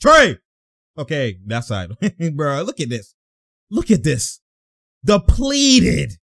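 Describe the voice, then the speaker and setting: A man's voice: on the high side, wildly swooping pitch, slow, gravelly, a bit bright, slightly rough. A man hosting his own show, giving exasperated, slang-heavy commentary as he breaks down game footage, with frequent exclamations. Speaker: host. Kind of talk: sports film breakdown commentary.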